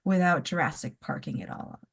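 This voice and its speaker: A woman's voice: fairly low pitch, fairly quick, vocal fry. A young woman in her twenties, an author guest on a casual podcast, who rambles and laughs often as she talks.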